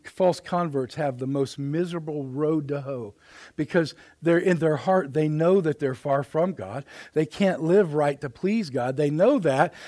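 A middle-aged male pastor delivers a sermon in a church, his voice sitting fairly high for a man. He talks in plain, folksy words and shifts between loud emphatic declarations and soft, hushed asides. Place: church sanctuary.

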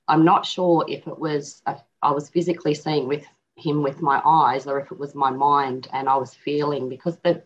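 A middle-aged woman telling a personal story as an interview guest, halting and reflective, with frequent restarts. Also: low-pitched, a little hiss or hum. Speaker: guest and author. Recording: dull lo-fi audio.

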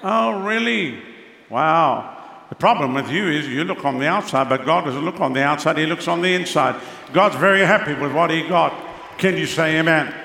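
A middle-aged male pastor preaching a sermon, swinging between loud declarations and hushed asides. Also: a little high, lively intonation, normal speed, gravelly, a little hiss or hum. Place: large church hall. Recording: echoey hall reverb.

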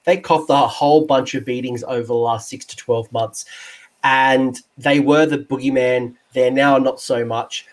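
A man with an Australian accent hosting a casual podcast chat as a tabletop game coach, jokey and excitable. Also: mid-range voice, measured pace.

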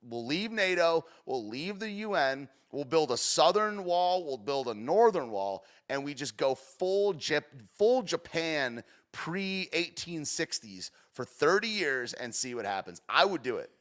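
A young man giving casual, rambling commentary as he reacts to a clip, swinging between loud and soft. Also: on the high side, sing-song, unhurried, hardly any pauses. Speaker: streamer reacting to a news clip.

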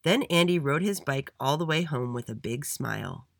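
Expressive man reading a children's story. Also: on the high side, moderate pace, creaky, dry recording, clean studio sound.

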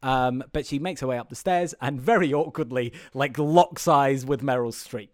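A man's voice: medium pitch, moderate pace, a little mellow, dry recording, clean studio sound. A man co-hosting a casual chat, recapping a film in a rambling way and acting out the characters' lines. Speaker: podcast co-host.

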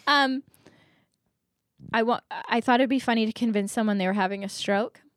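A woman's voice: mid-range voice, fairly even intonation, fast talker, dry recording, studio quality. A young woman co-hosting a casual podcast chat, laughing often between her lines. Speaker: podcast co-host.

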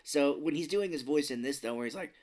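A man co-hosting a podcast, casually recapping a movie, laughing often and acting out lines in a gruff whisper. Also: a little high, brisk, a little mellow. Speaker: podcast co-host.

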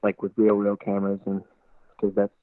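Brief: low-voiced man, eager rambling storyteller, phone-quality dry audio. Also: normal speed, no echo. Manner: animated, rambling, heavy use of "like". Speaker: hunter guest. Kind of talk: excited storytelling in conversation. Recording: tinny phone-like line, dry.

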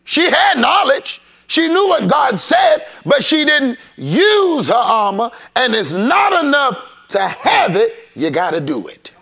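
Pastor, man, high and bright, slow call-and-response sermon delivery. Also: wildly swooping pitch, vocal fry, breathy edge. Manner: preachy, call-and-response, rising to shouts. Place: church sanctuary.

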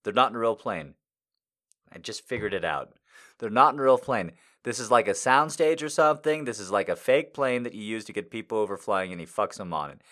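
Male comic reader, bright voice, lively swings, swears through asides. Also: lowish voice, brisk. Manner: incredulous, profane asides, frequent laughing. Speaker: comedy reader. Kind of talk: comedic reading with asides.

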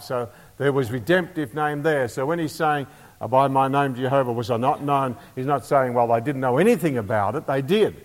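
A man teaching a Bible lesson as a sermon, who stresses repeated key phrases with emphasis. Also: a little high. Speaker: preacher. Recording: reverberant hall.

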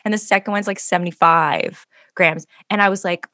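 Woman telling a story over casual chat, lowish voice, super animated, dry close sound. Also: a little fast, hardly any pauses, no echo. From Canada. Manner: animated storytelling, acting out dialogue. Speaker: podcast co-host.

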